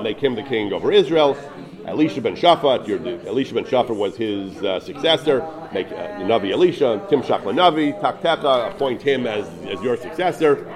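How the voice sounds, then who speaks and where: Man, Torah teacher, text-study lecture, earnest, translates line by line, mid pitch, crowd noise behind. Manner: reads verses and translates them line by line, earnest, repeats himself.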